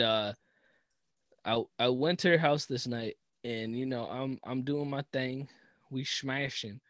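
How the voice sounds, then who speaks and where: A man hosting a podcast who tells stories in casual chat, animated and profane, often laughing. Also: medium pitch, dry recording. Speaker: podcast host.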